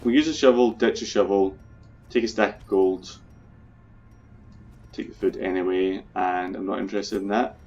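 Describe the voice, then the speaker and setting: Low-voiced man doing casual gameplay commentary. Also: fairly even intonation, moderate pace, long pauses, a little mellow, highs cut off, faint music behind. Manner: chatty, swears freely, talks through his plans. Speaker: video game let's player.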